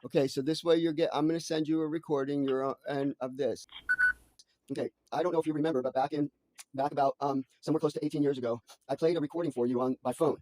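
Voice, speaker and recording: A man talking to his mother on a phone call, rambling anxiously with halting restarts and repeated words. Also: on the high side, fairly even intonation, warm tone, slight background noise. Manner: anxious, frantic storytelling.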